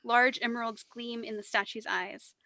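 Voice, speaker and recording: A woman running a tabletop game, describing rooms and foes with lots of pauses and fillers. Her voice is bright and a touch high, recorded close and dry on a podcast mic. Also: steady tone, no echo. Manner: descriptive, hesitant with many fillers. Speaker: game master.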